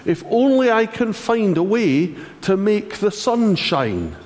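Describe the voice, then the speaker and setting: A man giving a sermon, conversational and animated, with wry asides. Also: high voice, slow, big-room sound. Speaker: preacher.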